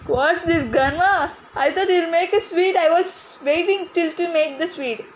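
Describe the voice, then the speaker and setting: A woman's voice: very high-pitched, unhurried, a little hiss or hum, low-quality recording. A woman playing a whiny grandchild who pleads with his grandmother in a comedy skit. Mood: pleading. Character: whiny scolded grandchild boy. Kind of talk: amateur comedy cooking skit.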